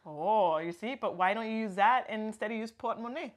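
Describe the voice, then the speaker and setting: A woman's voice: mid-range voice, a little fast. A woman from Guatemala, co-hosting a casual chat and laughing as she tries out German words. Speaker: co-host.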